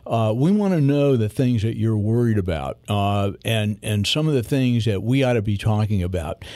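A man's voice: mid-range voice, a little mellow, dry recording. A man in his sixties hosting a podcast in a casual, rambling way, with lots of fillers and restarts. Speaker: podcast host.

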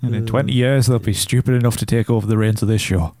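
A man's voice: lowish voice, fairly even intonation, quick pace, darkish tone, no echo. A man co-hosting a podcast in casual chat, teasing the others dryly. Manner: dry teasing. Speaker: podcast co-host.

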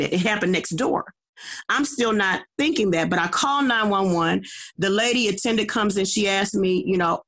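A middle-aged woman evangelist recounts her testimony with an average-pitched voice and a forceful, emphatic delivery. She stumbles and restarts often, repeating words as she goes. She keeps turning to her listeners with a quick "okay?". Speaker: evangelist guest. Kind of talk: personal testimony storytelling.

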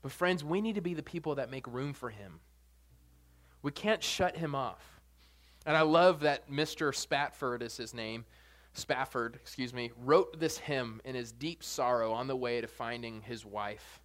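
A man preaching a sermon in an animated, jokey way, swinging between soft and loud. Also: medium pitch, unhurried.

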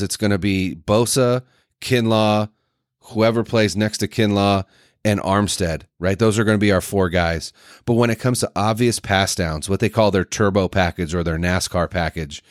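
A man co-hosting a sports podcast, breaking down signings in a rambling, energetic way. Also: lowish voice, no echo, clean studio sound. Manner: energetic, rambling analysis with restarts. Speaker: podcast co-host. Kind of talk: casual sports talk.

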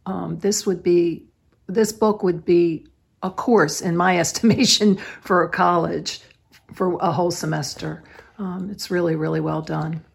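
A woman hosting a podcast interview, speaking slowly and offering praise, with fillers. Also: on the low side, fairly even intonation, vocal fry, slightly rough. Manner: slow and warmly complimentary, with fillers. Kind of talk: conversational interview.

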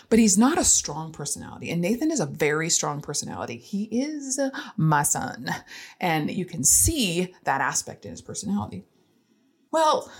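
A mother talking earnestly about her son, thoughtful and reflective, sometimes dropping to a soft near-whisper. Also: sits low, breathy edge. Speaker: parent. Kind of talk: casual storytelling monologue.

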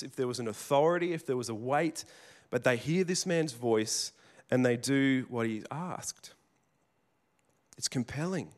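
A man preaching a sermon in a conversational storytelling way, with casual restarts and asides. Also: mid-range voice. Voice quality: plain working tradesman's speech.

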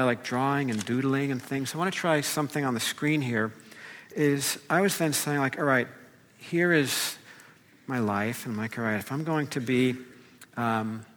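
A man's voice: a little high, fairly bright tone. A man preaching an informal sermon as a pastor, talking loosely with many fillers and restarts. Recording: long hall reverb.

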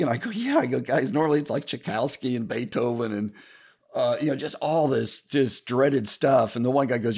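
Speaking at a moderate pace in a mid-range voice, an older podcast host rambles casually through a long personal story. He restarts, swears mildly, and keeps turning to listeners as "folks."

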